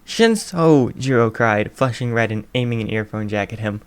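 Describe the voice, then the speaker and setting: A man narrating a fan fiction chapter in a soft, even storytelling voice. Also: lowish voice, brisk, clean tone. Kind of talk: audiobook narration.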